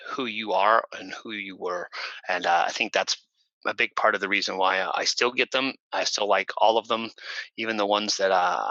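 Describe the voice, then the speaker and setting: Here an Oregon man on a podcast casually spins stories, meandering with lots of fillers and restarts and occasionally yelling shrill imitations. The recording is dry, with the highs cut off.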